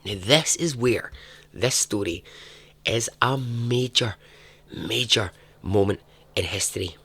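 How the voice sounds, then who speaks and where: A man, hosting a podcast and telling a true story in a casual, chatty way, breaking into animated asides and frequent laughs. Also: on the low side, husky. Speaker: podcast host.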